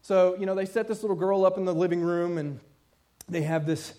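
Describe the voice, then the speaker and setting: A man with a fairly high voice preaching to his congregation. He tells a story in an animated way, acting out each person's voice as he goes, and his tone moves between gentle, hushed comfort and raised excitement. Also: brisk. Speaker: pastor. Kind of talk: sermon.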